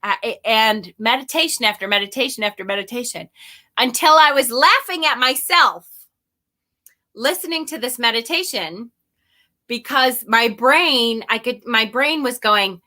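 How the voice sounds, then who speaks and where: A woman with a bright, fairly high voice talks openly to her viewers. She rambles and restarts, swears now and then and laughs at herself, with the easy candor of a personal vlog. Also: expressive, moderate pace. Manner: reads and answers viewer comments aloud. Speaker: spiritual vlogger. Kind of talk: casual confessional talk to viewers.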